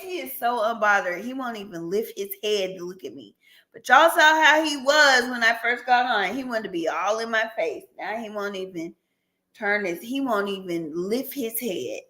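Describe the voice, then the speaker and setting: A woman's voice: fairly high pitch, lively intonation, normal speed, sharp tone. A woman hosting a casual live stream, chatty and laughing often, talking aside to her dog.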